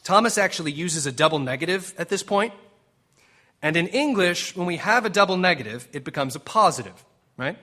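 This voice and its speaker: A man preaching a sermon as pastor, animated and emphatic, slipping into dramatic quoted lines with pauses and now and then drifting off the mic. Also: high-pitched. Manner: jokes with the congregation.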